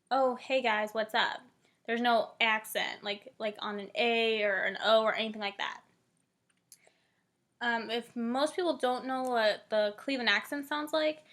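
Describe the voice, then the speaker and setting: A woman's voice: a little high, pushed and bright. A woman in her twenties from Northeast Ohio, a college student casually explaining a theory, full of "like" and "um" fillers. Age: 20s. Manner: chatty, many "like" and "um" fillers.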